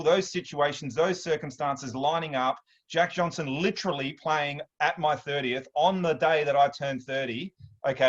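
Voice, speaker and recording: Australian man, thirties, chatty storyteller, mid-pitched voice, slightly dull lo-fi sound. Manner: chatty, animated storyteller with many restarts. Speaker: workshop host. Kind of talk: casual storytelling talk.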